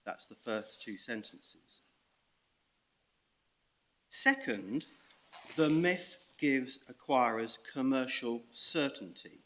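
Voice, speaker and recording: A British man arguing a case in court as a barrister, reading out evidence and stressing key words in a measured way. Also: mid-range voice, animated, pushed and bright. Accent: British English. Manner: measured, reads out evidence with emphasis. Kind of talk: courtroom legal argument.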